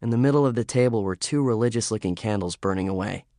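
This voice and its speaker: A man reading a first-person story as an audiobook narrator, in a measured, understated way. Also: lowish voice, dark tone, no room sound, studio quality.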